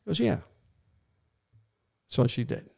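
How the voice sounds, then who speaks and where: An older man, a retired police warrant officer telling a story in a casual interview and acting out the voices of the people in it. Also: slow. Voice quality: gravelly. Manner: animated, acts out quoted voices.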